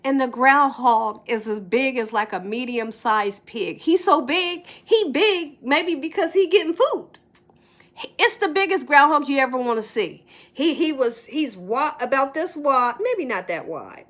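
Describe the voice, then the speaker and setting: A middle-aged woman shares a story with her viewers in a home vlog, speaking high-pitched and at a measured pace. She is animated, laughs a lot, and sometimes drops to a whisper.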